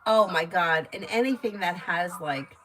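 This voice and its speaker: A woman gives live tarot readings in a chatty, easygoing way and laughs often. She rattles off card meanings in quick bursts. Steady background noise runs under her voice. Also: on the low side. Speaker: tarot reader.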